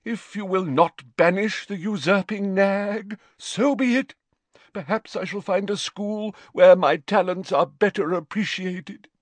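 Casting: man doing a high, swooping, melodramatic woman seer for an audiobook, dry close read. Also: takes it slowly, few pauses, no room sound. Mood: wounded, dramatic. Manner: dramatic, affronted. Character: theatrical eccentric female seer, dramatic. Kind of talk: audiobook character voice.

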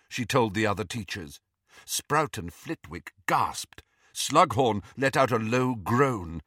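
A man reading a novel aloud in an expressive storytelling manner. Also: on the low side, slow, husky, dry recording, clean studio sound. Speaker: narrator.

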